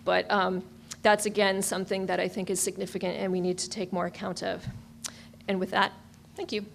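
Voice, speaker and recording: A woman speaks from a conference lecture hall, explaining her research to the audience. Her delivery is relaxed and chatty, often pausing on ums and you-knows. Her pitch sits in the middle range. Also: gravelly, slight background noise. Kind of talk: academic conference talk.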